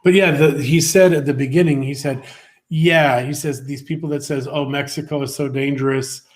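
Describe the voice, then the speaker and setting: A man's voice: medium pitch, steady tone, a little fast, darkish tone. A middle-aged man co-hosting a livestream, chatting casually and rambling through stories with many restarts. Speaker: co-host of a livestream show. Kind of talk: casual chat.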